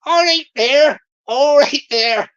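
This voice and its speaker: A woman voicing a cheeky, boastful male scammer from Bristol in a loud, drawling put-on West Country accent. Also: sits high, slow, highs cut off. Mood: mocking.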